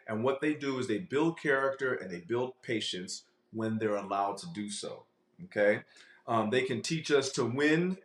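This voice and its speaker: A man's voice: mid-range voice, a bit bright. Conversational man preaching in an echoey room. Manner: conversational, frequent "um" and "okay?". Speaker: professor and speaker. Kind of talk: sermon-style teaching.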